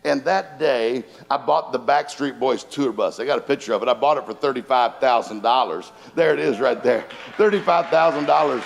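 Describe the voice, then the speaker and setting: A man's voice: medium pitch, moderate pace, creaky, few pauses. A man giving a humorous motivational seminar talk in a church auditorium, telling anecdotes and jokes. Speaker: motivational speaker. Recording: long hall reverb from a large room.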